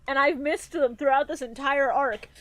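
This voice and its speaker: A woman co-hosting a podcast in casual chat, crude and animated, quick to laugh. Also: sits high, dry recording. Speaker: podcast co-host.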